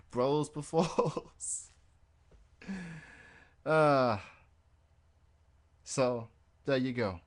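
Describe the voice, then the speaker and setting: A man's voice: medium pitch, clear, resonant tone. A man hosting a wrestling radio show in casual chat, rambling and laughing at his own jokes.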